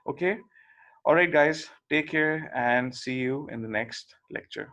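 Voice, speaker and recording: A man's voice: fairly high pitch, a little slow, bright, forceful tone, low-quality recording. A man lecturing on logic in a plain explanatory way, often checking in with the listener. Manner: explanatory, checks in with "okay?" and "right?".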